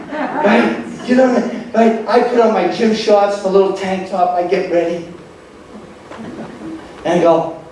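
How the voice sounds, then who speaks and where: A man's voice: high-pitched, noisy background. A middle-aged man doing stand-up comedy, telling exaggerated stories and acting out his own lines. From Italian-American. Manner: exaggerated storytelling, acts out his own voice in quotes. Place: comedy club stage. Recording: echoey club recording from far off. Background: audience laughter.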